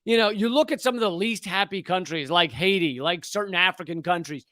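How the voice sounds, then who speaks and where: Here the comedian and political commentator from the United States sounds high-pitched, fairly quick, pushed and bright on a dry recording. He rants at a news article he's reading, swearing a lot, sarcastic and exasperated throughout.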